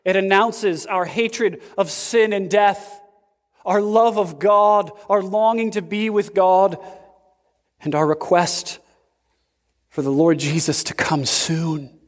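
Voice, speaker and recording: A man preaching a sermon as pastor, slow and emphatic, with sudden swings in pitch. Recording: long reverb of a large hall.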